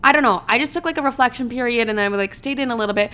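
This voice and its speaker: Racing along in a slightly high voice that is bright, forceful, and smooth, this young woman runs a podcast by herself. She's chatty and dramatic, curses freely, and fills her talk with "like" and other fillers.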